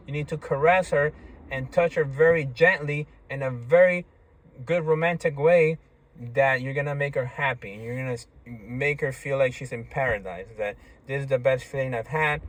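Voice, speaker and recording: A man's voice: medium pitch, fairly bright tone. Rambling man full of "right?" asides. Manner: rambling, repeats "right?" and "you see?"; stammering restarts. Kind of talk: casual monologue.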